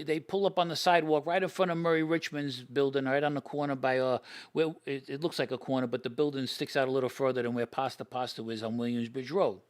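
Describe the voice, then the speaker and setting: An older man, casually telling stories about old friends, animated, acting out quoted lines and often restarting his sentences. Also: on the high side. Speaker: podcast guest telling stories. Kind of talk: casual storytelling.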